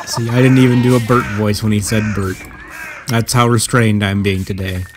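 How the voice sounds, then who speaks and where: A man's voice: lowish voice, fairly even intonation, moderate pace, noisy background. A man casually commenting while playing a story game, wry and offhand. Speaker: game streamer. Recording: game audio with sheep behind.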